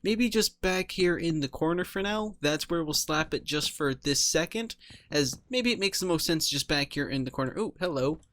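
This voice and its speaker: Man, higher register, casual let's-play narration, relaxed and thinking aloud, dry booth sound. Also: normal speed, dry recording. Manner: chatty, thinks aloud, laughs easily. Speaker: Minecraft let's player. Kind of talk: casual gameplay commentary.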